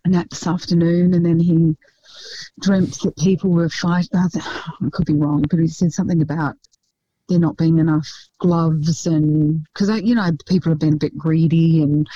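Woman, casual co-host, animated storyteller, mellow tone, muffled close recording. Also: sits low, moderate pace. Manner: chatty, laughs often, animated storytelling. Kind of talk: casual chat.

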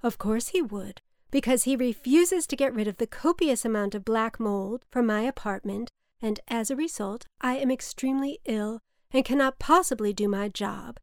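A woman's voice: fairly high pitch, moderate pace, few pauses, dry recording, clean studio sound, natural voice. A woman voicing her curt, indignant, hard-drinking mother, who swears freely and snaps back.

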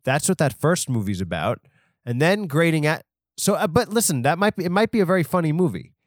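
A man's voice: a little high, big pitch swings, a little fast, dry recording, clean studio sound. A man hosting his own podcast alone, rambling in a casual, crude, self-deprecating way with lots of fillers and restarts. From half Hispanic. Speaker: podcast host.

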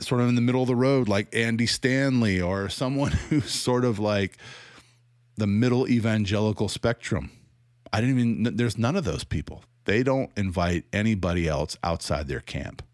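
A man's voice: on the low side, no room sound, studio quality. A man with a Southern American accent giving a critical commentary monologue, sarcastic, often laughing and restarting his sentences. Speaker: commentator on church teaching.

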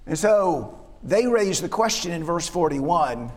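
A man's voice: a little high, animated, measured pace. A man preaching a sermon as pastor, in a conversational, folksy way with chuckling asides. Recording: long hall reverb.

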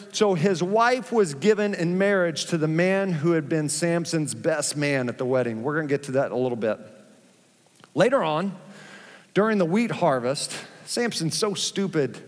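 A male pastor delivers a sermon in a fairly high voice, joking with his congregation as he goes. He is recorded in a church sanctuary with a long hall reverb.

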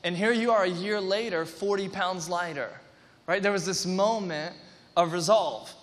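A man preaching a sermon to a congregation, energetic and rambling, with restarts and playful asides. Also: high-pitched, normal speed. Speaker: pastor. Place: large church hall before a congregation. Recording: long reverb of a large hall.

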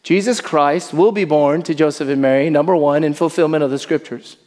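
Male pastor, high-pitched, lively sermon delivery, long church reverb. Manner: animated preaching, slowing to soft emphasis. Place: church sanctuary.

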